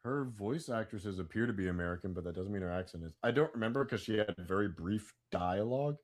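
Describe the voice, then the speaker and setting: A man co-hosting a casual pop-culture podcast, chatty and prone to loud bursts of hype. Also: on the low side, lively intonation, fast. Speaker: podcast co-host.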